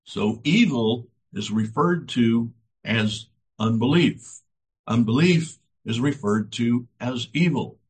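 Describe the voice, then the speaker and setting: Husky, slow, dramatic male preacher. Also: medium pitch, lively intonation. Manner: dramatic, emphatic, repetitive phrasing. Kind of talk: sermon.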